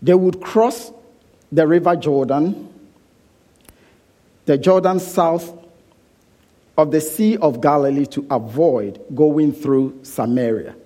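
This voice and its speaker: A man preaching a sermon, deliberate and emphatic, repeating phrases for weight, dropping to a hush when he prays. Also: a little high. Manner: soft, hushed prayer.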